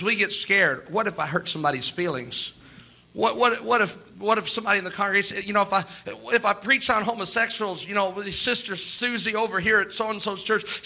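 A male preacher with a high voice and a very bright, sharp edge. He preaches with emphasis and acts out the quoted words of others in his own voice. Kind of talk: sermon.

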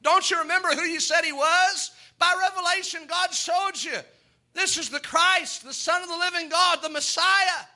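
A man's voice: extremely high pitch, fairly even intonation, normal speed, pushed and bright, voice pushed up, heavily acted. A male preacher acting out a grief-stricken disciple who berates himself in broken, pleading speech. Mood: self-scolding. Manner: broken, self-reproaching pleading. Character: grief-stricken disciple Peter, adult man, despairing.

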